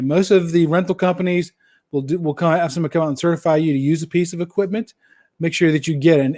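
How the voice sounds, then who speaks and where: A man's voice: on the high side, darkish tone. Upbeat, jokey man hosting a live Q&A. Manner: jokey and folksy, repeats key phrases for emphasis. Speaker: host answering viewer questions. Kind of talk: casual live-stream Q&A.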